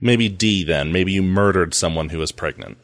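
Very deep-voiced joking male host. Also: moderate pace, fairly bright tone, dry recording. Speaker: podcast host. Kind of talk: casual interview chat.

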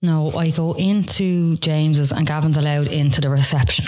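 Low-voiced woman recounting her story. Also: fairly even intonation, moderate pace, a little mellow. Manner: tearful retelling with many fillers, earnest. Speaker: guest. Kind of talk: personal story in a podcast interview.

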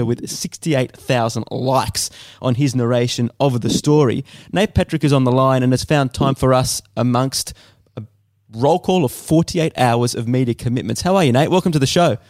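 A male radio host keeps the football talk light and teasing. His voice sits at a middle pitch and is recorded close and dry in a studio. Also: a little mellow, no echo. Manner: upbeat, jokey. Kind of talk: casual radio chat.

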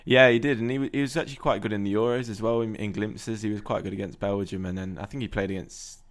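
A man's voice: on the low side, fairly even intonation, quick pace. A man hosting a casual football podcast, talking in a dry, understated, slightly pessimistic way. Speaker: podcast host.

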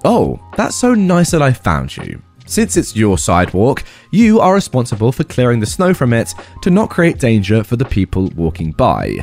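A man reading a calm, dry-witted cop. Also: mid-range voice, normal speed, soft background music. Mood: mock-polite. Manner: calm, mock-polite.

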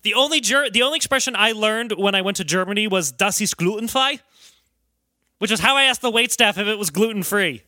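A man's voice: sits high, fast, hardly any pauses, sharp tone, no room sound, clean studio sound. A man co-hosting a podcast in casual chat, tossing in quips and steering the talk along. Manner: quippy, moves things along. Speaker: podcast co-host.

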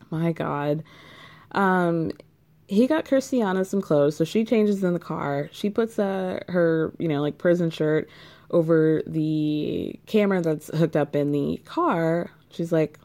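A woman's voice: fairly low pitch, mellow. A woman giving casual, sarcastic commentary on a reality show, swearing freely and peppering her speech with "like.". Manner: chatty, sarcastic, swears freely, many "like" fillers.

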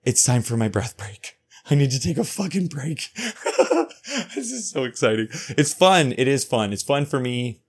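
A man in his thirties from North America hosting a solo podcast, talking casually, profanely and excitedly, jumping from loud bursts to quiet asides. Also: medium pitch, moderate pace. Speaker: podcast host.

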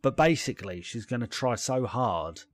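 A young man rambles through silly made-up scenarios, full of "um"s and "like"s. His voice sits at an ordinary middle pitch and is recorded close and dry. Faint music plays underneath. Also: animated, normal speed, no room sound. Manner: playful, rambling riffing with fillers. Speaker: podcast co-host. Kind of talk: casual comedic chat.

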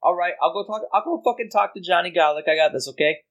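A man's voice: high-pitched, fast, fairly bright tone, dull audio. A man playing a tabletop game who rambles casually, swears, and restarts his sentences. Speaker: player.

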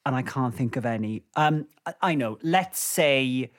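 A man as a guest on a podcast quiz, chatty and thinking out loud with fillers and playful asides. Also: mid-range voice, measured pace. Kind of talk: casual quiz chat.

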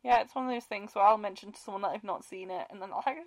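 A woman's voice: mid-range voice, rapid-fire. A young woman co-hosting a podcast, chatting in a playful, bubbly way. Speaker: podcast co-host. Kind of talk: casual chat.

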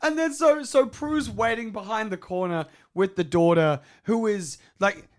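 A male podcast co-host tells the story of an episode in loose, profane chat. His voice sits a little high, and he breaks into laughter between lines. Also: a little slow. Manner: sweary, laughs often, acts out quotes. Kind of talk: casual comedic chat.

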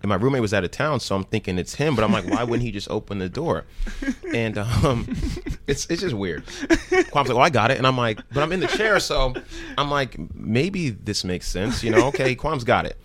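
At a moderate pace and in a mid-range voice, a man from New Jersey tells casual stories as a podcast guest. He's animated, voicing the quoted lines of the people in each tale.

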